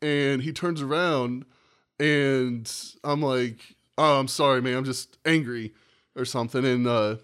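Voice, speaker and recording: A man's voice: mid-range voice, steady tone, unhurried, fairly bright tone, clean tone. Rambling, profane male podcast host. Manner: rambling, profane, acts out quotes. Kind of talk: casual storytelling chat.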